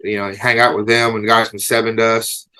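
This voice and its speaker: A man, a band member guest, telling excited backstage stories in a casual interview, laughing along. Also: on the low side, normal speed. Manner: excited storyteller, laughing, imitates shouts in anecdotes.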